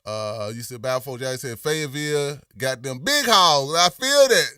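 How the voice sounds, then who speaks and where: The speaker is a middle-aged livestream host with a Memphis accent, from Memphis, Tennessee, casually reading viewer comments in a drawl with plenty of "you know what I'm saying", his voice a bit worn from performing. He has a mid-range voice with lively intonation, a moderate pace, and a bright, forceful, clear, resonant tone. There's no echo, and the clean studio audio comes from a distant mic.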